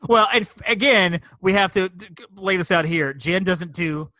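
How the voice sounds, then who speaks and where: A man's voice: high-pitched, moderate pace, bright, forceful tone, no room sound. A middle-aged man co-hosting a podcast, chatting casually and rambling enthusiastically, with many restarts and fillers. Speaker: podcast co-host. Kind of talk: casual chat.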